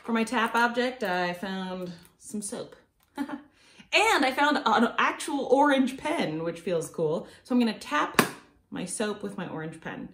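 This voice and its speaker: A woman's voice: a little high, lively intonation, unhurried, fairly bright tone, reverberant, a little hiss or hum. A young woman teaching a children's music lesson, upbeat and encouraging, counting beats aloud. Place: room at home.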